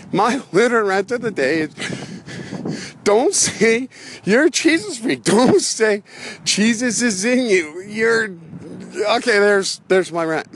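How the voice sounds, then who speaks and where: A pastor with a high, fairly bright voice rants casually as he walks outdoors, slightly out of breath. He rambles, loses his train of thought, and laughs between phrases, with a little hiss or hum in the recording.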